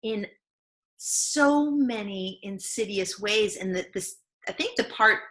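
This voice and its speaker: A woman's voice: medium pitch, takes it slowly, a bit bright. A woman lifestyle coach, a podcast guest, talking earnestly and reflectively, acting out the voices in her head. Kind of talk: conversational interview.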